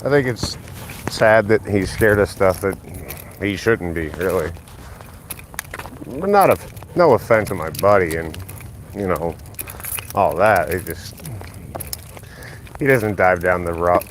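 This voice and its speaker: A man chatting casually and cursing as he walks his dog, muttering asides and jumping way up in pitch to praise the dog, filmed on a phone outdoors. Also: slight background noise. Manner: relaxed and profane, muttering asides, jumps high when praising the dog. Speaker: dog owner streaming a live walk. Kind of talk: casual live-stream commentary while walking a dog. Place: outdoors on a street. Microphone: phone held while walking.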